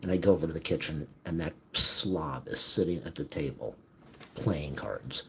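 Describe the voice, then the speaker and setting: Very deep-voiced man venting bitterly. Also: moderate pace, creaky, slight background noise. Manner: agitated, bitter, swings from hushed to near-shouting. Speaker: vlogger. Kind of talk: venting monologue.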